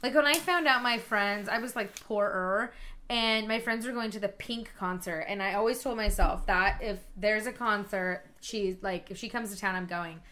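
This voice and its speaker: Bright-voiced chatty woman co-host. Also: medium pitch, normal speed, slight background noise. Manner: chatty, swears freely. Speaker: podcast co-host. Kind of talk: casual chat.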